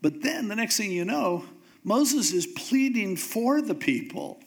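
A male pastor preaches a sermon in a relaxed, conversational way, telling the story with casual, joking humor. His voice is high, unhurried and creaky.

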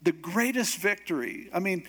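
A man's voice: high-pitched, normal speed, slightly rough. A man preaching a sermon as a pastor, telling a story with humor and acting out the characters' voices. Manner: animated, acts out voices of characters; humorous asides.

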